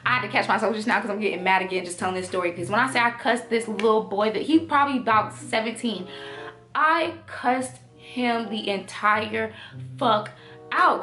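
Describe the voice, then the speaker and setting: A young woman telling a storytime vlog in an animated, profane, emphatic way. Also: a little high, moderate pace, faint music behind. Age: young adult. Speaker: storytime vlogger.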